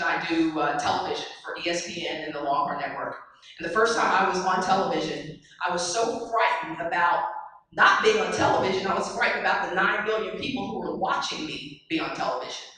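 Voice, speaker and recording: A woman giving a motivational talk to a live audience, telling stories and asking the crowd questions. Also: mid-range voice. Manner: lively storyteller, asks the audience questions. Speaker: keynote speaker. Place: large hall. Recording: echoey hall from far off.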